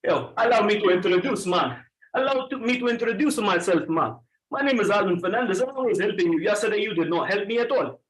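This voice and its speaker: A man's voice: high-pitched, lively intonation, a little fast, a bit bright, far from the mic, poor audio. A man putting on a throaty laid-back Jamaican guy.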